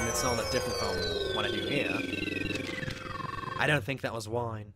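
A woman streaming a horror game live, chatting with viewers between playful in-character asides and breaking into excited yelps during chases. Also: extremely low pitch. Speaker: gaming streamer. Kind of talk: live game commentary with chat.

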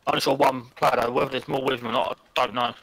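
A man on voice chat as a teammate, chatting about the game in quick asides. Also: medium pitch, flat delivery, vocal fry, a bit bright, dry recording. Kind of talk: casual gaming chat.

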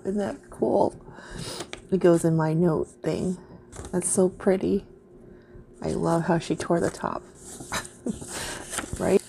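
A woman's voice: on the low side, creaky, mellow, slight background noise. A woman vlogger unboxing craft mail in casual chat, gushing and easily delighted.

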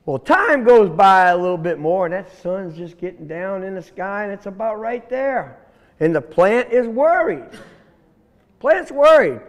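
A man's voice: high-pitched, in a large hall. A man telling a folk tale aloud who speaks animatedly and talks to his listeners directly. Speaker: storyteller.

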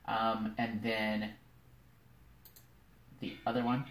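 A woman's voice: very deep voice, flat delivery, slow pace, faint music behind. A woman narrating as dungeon master in a casual, rambling way. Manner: casual, rambling with many fillers. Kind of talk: narrating a tabletop game. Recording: echoey room.

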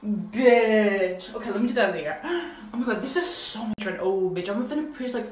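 A young woman vlogging casually at home, excitable and dramatic, with sudden loud exclamations. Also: mid-range voice, moderate pace. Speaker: beauty vlogger. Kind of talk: casual vlog chat. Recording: echoey room with faint noise.

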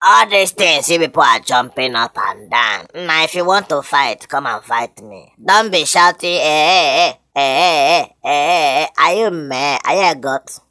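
A Nigerian comedian with a lively, bright voice that swings all over the place, recorded dry and close. He blusters and makes threats in a comedy skit. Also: fairly high pitch, a little slow, hardly any pauses, dry recording.

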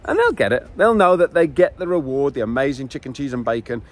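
A man's voice: mid-range voice, big pitch swings, fast talker. A man giving dog training tips in a casual, chatty way, acting out the dogs and owners as he explains. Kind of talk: casual instructional talk.

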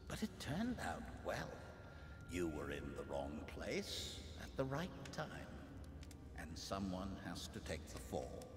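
A cold gloating usurper. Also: male voice, low-pitched, slow, full character voice. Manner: calm, gloating menace. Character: cold scheming male usurper, older official. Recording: echoey hall with noisy game ambience.

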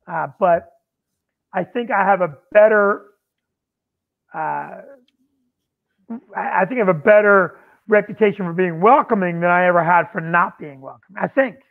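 High-voiced man on a tinny phone line. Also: moderate pace, vocal fry, pauses often. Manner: animated storyteller acting out quotes. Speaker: comedy club owner and comedian. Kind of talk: casual storytelling on a podcast.

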